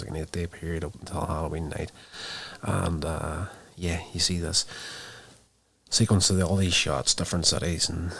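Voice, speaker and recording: A man's voice: low-pitched, vocal fry, a bit bright. A man hosting a podcast, casually recounting a movie's plot in a rambling way with many fillers. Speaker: podcast host reviewing a movie. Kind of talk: casual spoken movie review.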